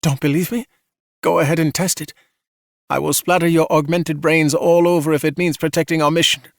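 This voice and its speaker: A man's voice: fairly high pitch, level tone, brisk, gravelly, dry recording, clean studio sound, voice pushed up. A man voicing a cold, ruthless woman commanding officer with clipped, commanding speech. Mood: threatening. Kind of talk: audiobook character voice.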